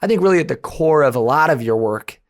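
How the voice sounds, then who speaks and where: A man's voice: fairly high pitch, expressive, fast talker. Affirming male podcast host. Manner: affirming, reflective. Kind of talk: conversational interview.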